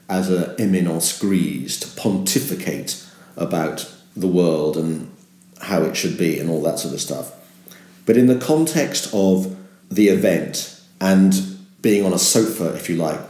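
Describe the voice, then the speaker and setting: A man's voice: low voice, roomy sound. An older man, a veteran radio presenter, reflecting in an interview and now and then leaping into an upbeat on-air voice. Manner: animated, jumps to a bright upbeat presenter voice when demonstrating.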